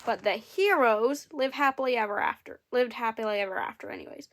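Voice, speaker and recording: A woman's voice: on the high side, brisk, a bit bright. A woman reading a fairy tale aloud and adding dry, amused comments between passages. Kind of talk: comedic story reading with wry asides.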